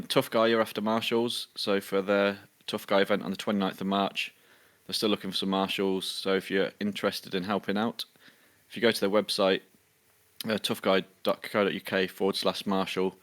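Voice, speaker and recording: A man from the UK co-hosting a podcast, reading a news roundup in a steady, matter-of-fact way with many ums. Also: low-pitched, moderate pace. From United Kingdom. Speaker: podcast co-host.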